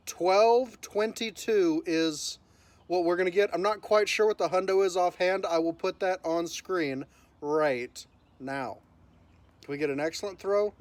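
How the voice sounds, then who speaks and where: Calling every move as it happens, this gaming channel host keeps his commentary upbeat despite a voice that cracks from the early hour. He sounds a little high, and there's no echo.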